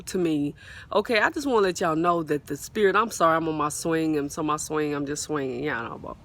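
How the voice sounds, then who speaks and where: Outdoors on a swing, a faith vlogger speaks her testimony into a phone in a casual, fervent, and repetitive way, often reaching out to her viewers. Her low voice carries a bit of brightness, and the phone mic is occasionally partly covered.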